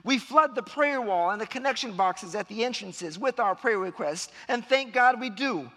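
Male preacher, sermon, swooping expressive delivery, echoing sanctuary. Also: very high-pitched, moderate pace. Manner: dramatic storytelling, acting out shouts and voices. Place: church sanctuary. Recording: long hall reverb.

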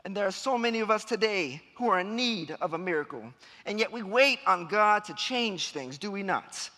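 Male preacher, sermon, swooping expressive delivery, echoing sanctuary. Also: high-pitched, moderate pace. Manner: dramatic storytelling, acting out shouts and voices. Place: church sanctuary. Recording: long hall reverb.

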